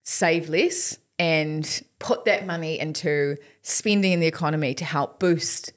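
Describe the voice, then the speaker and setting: A New Zealand woman co-hosts a relaxed podcast, talking through economic news at an easy, explanatory pace. Her voice sits a little low for a woman. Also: unhurried. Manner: explanatory, acts out quotes. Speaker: podcast co-host. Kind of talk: casual chat.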